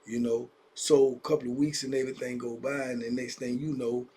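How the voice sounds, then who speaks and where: A man's voice: medium pitch, flat delivery, a little fast, warm tone, slight background noise. A man telling prison stories in a casual, conversational way, speaking directly to young listeners. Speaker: storyteller. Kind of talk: casual storytelling vlog.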